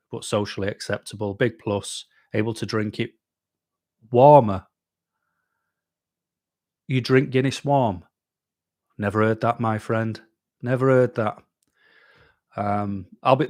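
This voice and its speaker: A man's voice: fairly low pitch, dry recording, clean studio sound. A man hosting a live stream, chatting casually with viewers in a rambling, self-deprecating way, full of ums and restarts.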